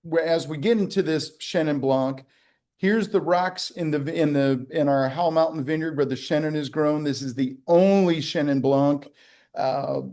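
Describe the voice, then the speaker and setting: A man's voice: on the high side, moderate pace, darkish tone. A man hosting a casual virtual wine tasting on a video call, rambling and joking with fillers and restarts. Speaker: winery executive hosting a tasting. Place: winery.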